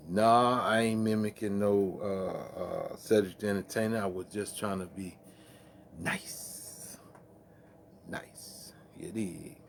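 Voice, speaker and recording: Gravelly low-voiced man chatting late night. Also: slight background noise. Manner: profane, laughing, rambling storyteller. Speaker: musician hosting a late-night live stream. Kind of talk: casual late-night chat.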